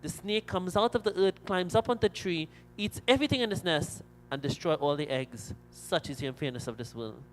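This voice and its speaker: A man's voice: sits high, a little fast, few pauses, slight background noise, natural voice. A man voicing a small mother bird who laments a wrong in a plaintive, repetitive way. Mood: aggrieved.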